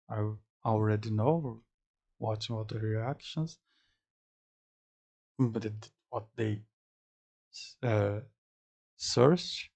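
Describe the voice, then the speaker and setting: A man speaking English as a second language, halting and searching for words, repeating words to practice saying them as he reacts to an anime. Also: lowish voice, dark tone. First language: not English. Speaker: anime reaction channel host. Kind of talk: casual theory-crafting reaction.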